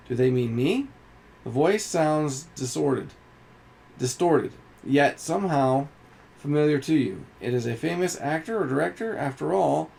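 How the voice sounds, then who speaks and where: Gravelly man reading a game story aloud. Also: medium pitch, a little mellow. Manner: slow, deliberate reading with small slips. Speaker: game streamer.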